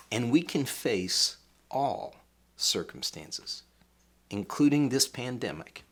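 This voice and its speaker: A man's voice: on the low side, sharp tone, slightly rough. Emphatic man preaching a video sermon. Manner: emphatic, measured scripture reading. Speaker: pastor.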